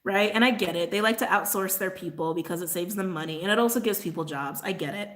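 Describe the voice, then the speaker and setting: A woman's voice: medium pitch, quick pace, fairly bright tone. A woman hosting a casual livestream chat, ranting in a rambling way, saying "like" constantly, laughing often and apologizing. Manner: apologetic asides. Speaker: tarot channel host.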